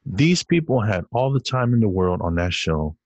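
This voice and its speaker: A young man with a very deep, husky voice holds forth on his own podcast. He rambles from one tangent to the next, cursing freely as he gets heated. The sound is close and dry, with no room around him. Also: very animated, moderate pace, a little mellow, no echo. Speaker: podcast host. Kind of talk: solo podcast rant.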